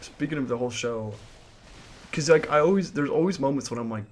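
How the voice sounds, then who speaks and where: A man's voice: medium pitch, a little fast, a little hiss or hum. A young man as a guest in a casual chat, laid-back and swearing often.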